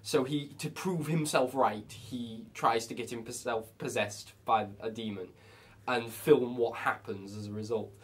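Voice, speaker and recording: A man co-hosting a film review podcast in casual chat, animated and often laughing. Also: measured pace. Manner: animated, laughing, excitable, voice jumps higher.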